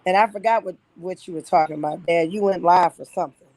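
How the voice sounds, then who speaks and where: A woman in her fifties giving an earnest, halting personal testimony to her church. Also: on the low side, a little mellow, dry recording. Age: 50s. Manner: earnest, halting, with frequent pauses. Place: livestreamed church gathering.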